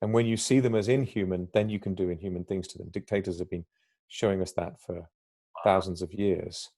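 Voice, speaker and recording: Mellow-voiced man talking things through. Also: low-pitched, steady tone, brisk. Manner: reflective, explains ideas at length, acts out little quoted exchanges. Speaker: podcast guest. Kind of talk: conversational podcast talk.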